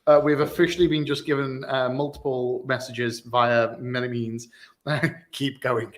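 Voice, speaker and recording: A man's voice: medium pitch, little pitch movement, unhurried. Wry man explaining tech. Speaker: host. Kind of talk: casual chat. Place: meeting room.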